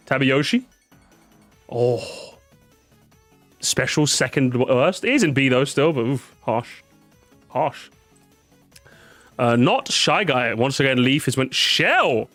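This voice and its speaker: A man's voice: fairly high pitch, animated, unhurried, pauses often, fairly bright tone, no room sound. Man, tired streamer, casual chat, repeats words, swears, faint music behind.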